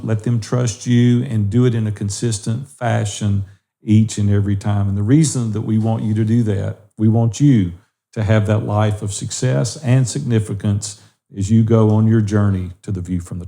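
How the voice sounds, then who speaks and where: A man's voice: on the low side, steady tone, moderate pace, gravelly, mellow. A middle-aged man co-hosting a faith-based podcast, earnestly encouraging listeners. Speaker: podcast co-host.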